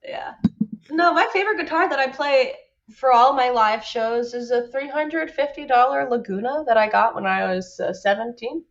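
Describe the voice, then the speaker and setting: A woman's voice: a little high, lively intonation, moderate pace, gravelly, lo-fi sound. A woman guest musician chatting casually, joking and laughing, swearing now and then. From France. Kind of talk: casual chat.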